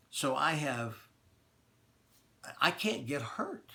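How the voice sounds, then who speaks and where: A man's voice: mid-range voice, lively intonation, moderate pace, fairly bright tone. A middle-aged man, a radio talk show host, speaking straight to his listeners in a plainspoken announcement, stressing points by repeating them. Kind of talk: direct-to-listener announcement monologue.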